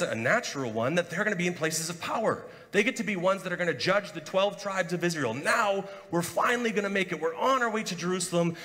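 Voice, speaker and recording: A man preaching a conversational sermon as pastor, lively and chatty, acting out quoted voices with humor. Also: high voice, in a large hall. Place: church sanctuary.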